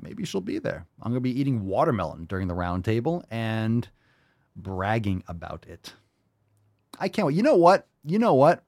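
A man's voice: medium pitch, normal speed, gravelly, dry recording, clean studio sound. A man hosting a casual livestream podcast, reading viewer comments with crude, sarcastic jokes and a lot of swearing. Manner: animated, reads viewer comments aloud. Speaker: podcast host.

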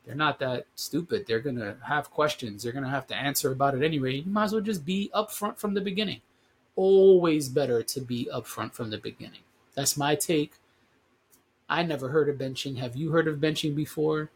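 A man's voice: a little high, a little fast, a little hiss or hum. A man hosting a casual solo podcast, congested and sniffling from allergies, talking in a conversational, emphatic way and reading news articles aloud with his own asides. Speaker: podcast host.

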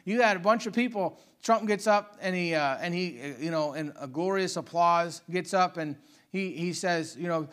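Fervent high-voiced male preacher. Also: normal speed, fairly bright tone, clean tone. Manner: fervent preacher, dynamic, repeats phrases. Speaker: pastor. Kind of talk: sermon.

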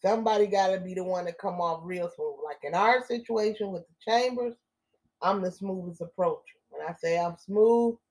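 A woman's voice: lowish voice, moderate pace, darkish tone. A woman co-hosting a casual podcast with her husband, teasing him and giving relationship advice. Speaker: co-host. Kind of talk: casual couple's podcast chat.

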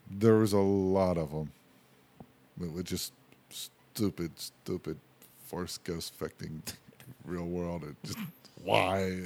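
Low-voiced man ranting about movies. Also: gravelly. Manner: opinionated, ranting, swears casually. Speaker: podcast co-host. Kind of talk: casual chat.

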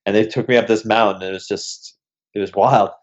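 A young man, a podcast guest, telling animated travel stories in casual chat and swearing freely. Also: lowish voice, fairly quick. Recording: dull lo-fi recording.

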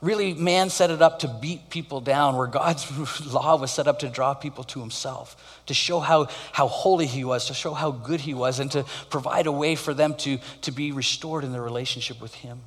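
A male pastor giving a conversational sermon with animated storytelling. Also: medium pitch, normal speed, hardly any pauses, in a large hall.

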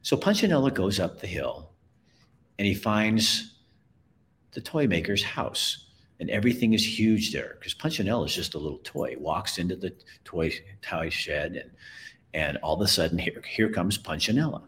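A man's voice: deep voice, lively intonation, normal speed, fairly bright tone. A middle-aged man, host of his own show, telling a personal story in an earnest, emotional way and often repeating words.

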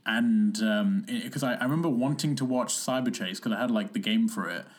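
A young man in his twenties chats on a podcast, meandering through his thoughts with plenty of ums and easy laughter. His pitch sits at an ordinary middle level for a man. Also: a little fast. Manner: rambling, laughs often, many fillers. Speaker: podcast co-host. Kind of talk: casual chat.

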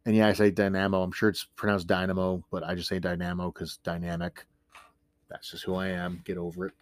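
A man's voice: sits low, little pitch movement, a little fast. A man hosting a podcast, talking casually in a chatty, self-deprecating, ranting way. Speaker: podcast host. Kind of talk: casual solo podcast talk.

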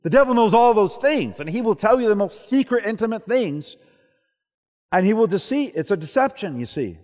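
Male preacher, fairly high voice, call-and-response questions, long hall reverb. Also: big pitch swings, normal speed, darkish tone. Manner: asks the congregation questions and answers them. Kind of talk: sermon.

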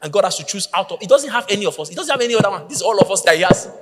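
A man preaching a sermon, telling a story with lively acted-out voices and shouting at the peaks. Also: sits high, very fast, big-room sound. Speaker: pastor.

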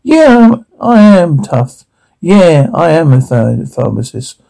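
A man's voice: a little high, very animated, slow pace, gravelly, dark tone, full character voice, low-quality recording. An actor playing a boastful, tough male pharmacist in a sitcom scene. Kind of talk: sitcom acting.

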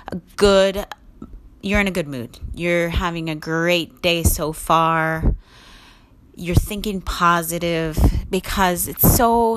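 A woman's voice: on the low side, a bit bright. A woman hosting her own podcast, giving a casual, upbeat motivational talk that rambles and restarts often. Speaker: podcast host.

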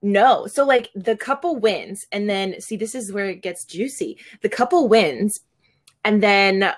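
A woman's voice: medium pitch, unhurried. A young woman in her twenties co-hosting a casual podcast chat, talking in a chatty way full of "like". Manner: chatty, fills talk with "like". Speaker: podcast co-host.

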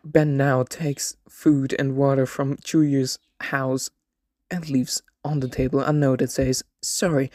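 A man narrating an absurd comedic story in a deadpan way, voicing every character himself. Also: medium pitch, slow pace, dry recording, studio quality.

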